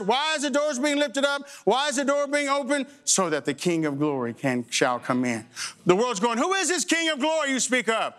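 A middle-aged male pastor preaching to a congregation, his voice pitched high and bright with a forceful edge. He pushes lines upward with fervor, then sinks into low, slowed phrases, swinging through a wide pitch range. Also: clear, resonant tone. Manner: impassioned preaching, swings between raised high emphatic lines and low slow drops. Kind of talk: sermon. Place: church sanctuary before a congregation.

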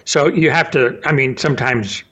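A man's voice: mid-range voice, moderate pace, pushed and bright. A man hosting a podcast interview, chatty, repeating himself and interjecting often. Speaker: podcast host. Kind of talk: casual interview talk.

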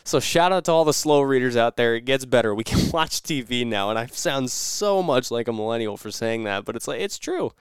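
A man's voice: mid-range voice, animated, a little fast, few pauses, clean tone, no room sound, clean studio sound. A young man hosting a casual solo podcast, rambling and correcting himself as he tells stories. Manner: rambling, self-correcting storyteller. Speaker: podcast host.

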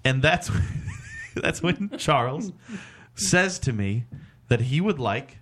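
A man's voice: mid-range voice, big pitch swings, slow, fairly bright tone, a little hiss or hum. A young adult man on a casual podcast, telling a long, rambling, profane story and acting out what people said. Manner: rambling, profane, acts out quotes. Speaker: podcast co-host.

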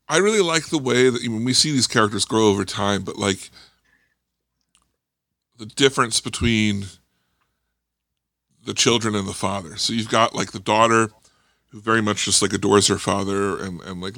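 Gravelly, bright-toned young-sounding man. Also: lowish voice, normal speed, long pauses, no room sound, studio quality. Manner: enthusiastic, full of fillers. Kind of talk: casual movie review chat.

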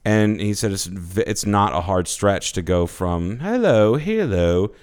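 A man co-hosting a podcast, chatting casually with animated, profane, rambling enthusiasm. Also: sits low, measured pace, clear, resonant tone. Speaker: podcast co-host. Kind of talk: casual chat.

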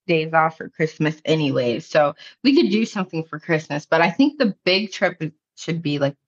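A woman's voice: low voice, lively intonation, normal speed. An American woman co-hosting a podcast in a casual, rambling chat, filling her speech with "like" and laughing easily. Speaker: podcast co-host. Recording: dull lo-fi sound.

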